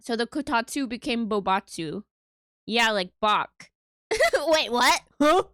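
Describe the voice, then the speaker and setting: A woman's voice: a little high, sing-song, takes it slowly, a bit bright, dry recording, studio quality. A woman livestreaming from home, chatting playfully and giggling with her viewers at a desk microphone. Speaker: streamer. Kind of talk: casual livestream chat. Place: home room.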